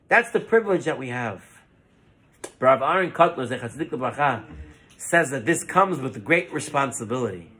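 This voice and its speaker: A man's voice: high-pitched, animated, brisk, bright, forceful tone, slightly rough. A man giving a Torah lesson as a rabbi, telling stories and mixing Hebrew terms into his English.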